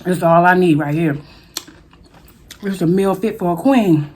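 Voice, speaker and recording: A woman's voice: on the low side, moderate pace, darkish tone, slight background noise. A woman hosting a mukbang food vlog, chatting casually to her viewers as she eats. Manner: chatty, addresses viewers as y'all, eats between words. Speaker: food vlogger.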